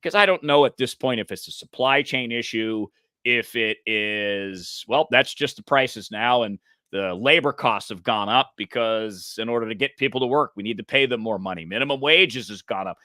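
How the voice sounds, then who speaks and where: A man from the United States co-hosting a news talk show, animated and chatty and quick to laugh. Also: mid-range voice, no room sound, clean studio sound. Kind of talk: casual political chat.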